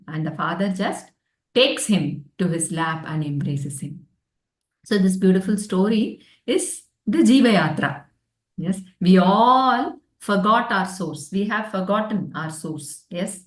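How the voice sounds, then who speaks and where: A woman, teaching a spiritual study group and telling a story in a reflective, gentle way, often pausing to search for words. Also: on the low side. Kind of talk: storytelling scripture class. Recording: roomy sound from a distant mic.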